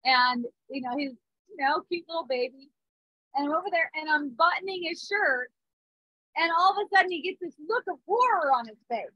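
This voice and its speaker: A woman's voice: high-pitched, lively intonation, brisk, no room sound, lo-fi sound. A woman in her thirties giving a spiritual talk, earnest, with small restarts and frequent check-ins. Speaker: spiritual teacher. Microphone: phone or device mic.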